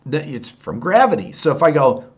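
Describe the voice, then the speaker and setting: His voice on the high side and sing-song, a fifty-something man with an upstate New York accent talks at a moderate pace on a late-night livestream. He answers the chat candidly and rambles a bit, with slight background noise behind him.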